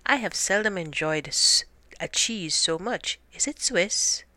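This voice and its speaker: A woman's voice: on the low side, expressive, measured pace, bright, forceful tone, dry recording, voice pushed up. A woman voicing a polite, gracious male dog in a storybook reading. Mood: courteous. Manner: genteel, courteous.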